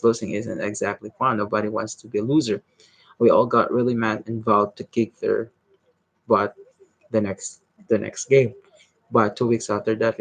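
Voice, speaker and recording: A man reading a novel aloud in a halting way, stumbling over words and restarting them. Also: fairly low pitch, slightly rough, dry recording, poor audio. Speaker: reader.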